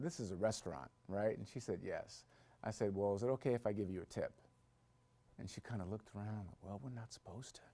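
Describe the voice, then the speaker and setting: A man telling a personal story in a conversational way, then building to emphatic points as a motivational talk. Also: on the low side.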